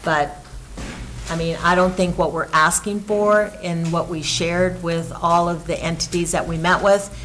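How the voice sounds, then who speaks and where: A woman's voice: on the low side, fairly even intonation, measured pace, fairly bright tone, a little hiss or hum, poor audio. A woman presenting a school budget at a board meeting, speaking conversationally with frequent fillers.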